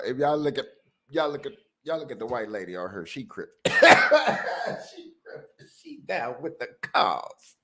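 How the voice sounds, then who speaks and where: Lively joking man with drawl. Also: mid-range voice. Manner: animated, joking, laughing often. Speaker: host. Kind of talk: casual comedic commentary.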